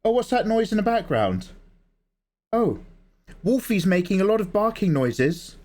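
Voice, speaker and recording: A chirpy, breezy gas company lady, as a man puts her on. She chatters along in a voice pitched well above his own and bounces up and down as she talks. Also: big pitch swings, measured pace, a little mellow.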